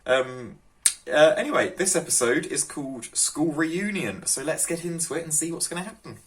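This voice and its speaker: A man's voice: a little high, lively intonation, normal speed, slight background noise. A man hosting a reaction video, chatting casually and rambling with fillers and restarts as he watches a TV episode.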